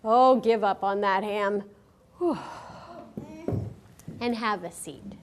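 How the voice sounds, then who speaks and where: A woman reading a picture book aloud to children at a school, expressive and animated. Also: mid-range voice, takes it slowly, background noise. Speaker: storyteller.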